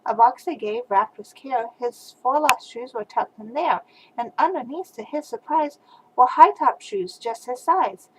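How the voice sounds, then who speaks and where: An older woman, a grandmother, reading a rhyming picture book aloud to a small child over a webcam, with soft asides between verses. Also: fairly high pitch, expressive, normal speed, a little hiss or hum, poor audio.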